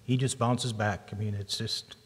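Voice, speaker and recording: A man's voice: lowish voice, fairly even intonation, normal speed, breathy edge. A man giving a lighthearted, rambling speech at a church retirement lunch, often correcting himself as he goes. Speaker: church volunteer running the camera and live stream. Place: church hall. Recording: long reverb of a hall.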